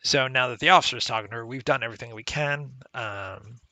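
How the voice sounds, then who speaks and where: A man's voice: mid-range voice, brisk, bright, forceful tone, no room sound. A man giving casual, conversational commentary while playing a retro adventure game, explaining its mechanics as he goes. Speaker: let's play commentator.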